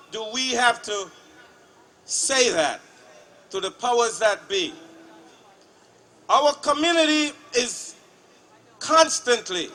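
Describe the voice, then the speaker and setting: A male legislator speaking at a protest rally in a deliberate, chant-like way, leading repeated calls. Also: very high voice, sharp tone. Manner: slow, deliberate, chant-like repetition. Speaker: state legislator.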